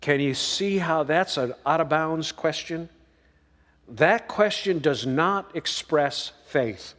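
A man's voice: on the high side, animated, slow, fairly bright tone, big-room sound. A man preaching a sermon as pastor, folksy and emphatic, drawing out the verses he reads.

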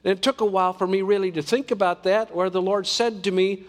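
A man's voice: high voice, steady tone, quick pace, few pauses, long reverb tail. A man preaching a sermon in an earnest, conversational way, often asking the congregation questions.

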